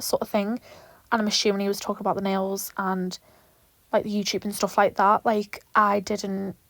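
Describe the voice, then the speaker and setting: A young woman talking through a nail tutorial in an animated, rambling way, with lots of swearing and asides. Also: medium pitch, normal speed, dry recording. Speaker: nail tech vlogger. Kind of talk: chatty tutorial vlog.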